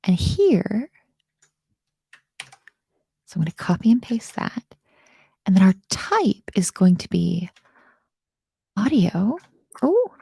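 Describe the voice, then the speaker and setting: A woman's voice: fairly high pitch, gravelly, warm tone, breathy edge, dry recording. Bubbly woman teaching code. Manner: bubbly, self-mocking, with murmured asides. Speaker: coding instructor. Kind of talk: live coding lesson.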